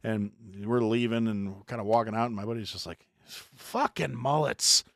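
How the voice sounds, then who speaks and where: A middle-aged American man hosting a podcast, telling a long story in a profane, animated way with mock voices. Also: lowish voice, moderate pace, vocal fry, dry recording, studio quality. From United States. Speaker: podcast host. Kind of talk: casual storytelling chat.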